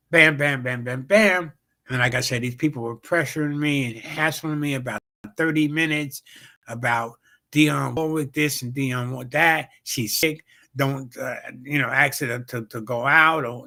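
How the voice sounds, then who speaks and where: A man's voice: mid-range voice, sharp tone. A comedian hosting his own show tells a rambling, profane story full of fillers and repeated "bam, bam". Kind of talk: casual storytelling on a livestream show.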